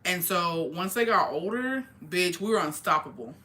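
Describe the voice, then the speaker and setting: A young woman telling a story in casual chat, swearing constantly and talking in an animated way. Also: lowish voice, normal speed. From rural area.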